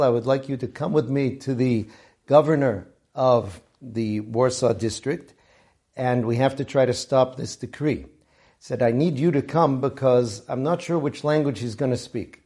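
A man hosting a weekly storytelling show, narrating in an earnest, measured way and using Hebrew and Yiddish terms. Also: medium pitch, mellow. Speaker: storyteller host.

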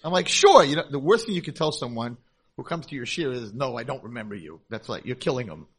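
A man's voice: mid-range voice, fast talker, breathy edge. A middle-aged man, a rabbi, telling stories in a conference talk and acting out the people in them. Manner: animated storyteller, acts out voices. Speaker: rabbi and school founder.

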